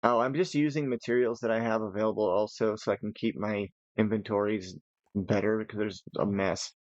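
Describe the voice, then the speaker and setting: A man's voice: lowish voice, steady tone, fairly quick, no echo, lo-fi sound. Tired man rambling over gameplay. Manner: chatty, rambling, thinks aloud. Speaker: gaming channel host. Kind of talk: casual gameplay commentary.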